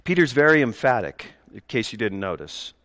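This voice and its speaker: A man's voice: medium pitch, big pitch swings, a little fast, a bit bright. Man preaching in a reverberant church. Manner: conversational preaching with joking asides to the congregation. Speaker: pastor. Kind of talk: sermon. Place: church sanctuary. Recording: long reverb of a church hall.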